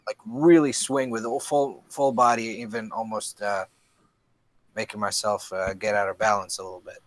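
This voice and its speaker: A man's voice: fairly low pitch, steady tone, moderate pace, no echo. A man playing a tabletop game, describing his actions hesitantly with many fillers. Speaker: player.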